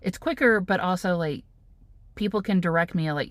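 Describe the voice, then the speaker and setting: A woman's voice: lowish voice, normal speed, no room sound. A woman host with a Texan accent, chatting in an encouraging, reflective way. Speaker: host, interviewer. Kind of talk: casual interview chat.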